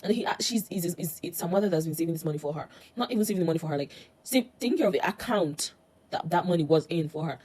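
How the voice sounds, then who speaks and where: Fast-talking husky woman. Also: fairly low pitch, animated, a little mellow, poor audio. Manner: rambling, exasperated retelling with many fillers. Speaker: drama reviewer. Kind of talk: casual chat.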